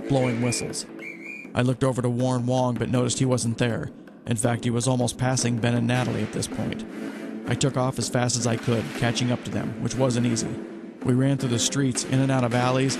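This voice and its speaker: A man tells a wartime adventure story in first person, in a steady telling voice. His mid-pitched voice carries a gravelly grain. Music runs underneath the narration. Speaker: podcast host and storyteller.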